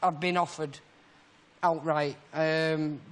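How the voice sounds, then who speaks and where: A man's voice: a little high, fairly even intonation, slow pace. A man guest on a chat show, telling rambling comic anecdotes with acted-out quotes. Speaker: comedian guest. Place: TV studio with live audience.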